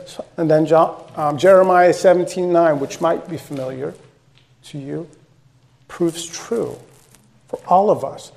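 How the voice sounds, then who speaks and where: A man's voice: a little high, a little slow, creaky, a little mellow. A male pastor preaching a sermon in a conversational, direct way, repeating phrases for emphasis.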